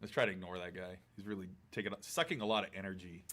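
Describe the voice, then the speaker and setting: A man's voice: deep voice, quick pace, fairly bright tone. A man in his thirties co-hosting a podcast in casual chat, blunt and joking. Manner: blunt, joking, with swooping voices and laughs. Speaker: podcast co-host.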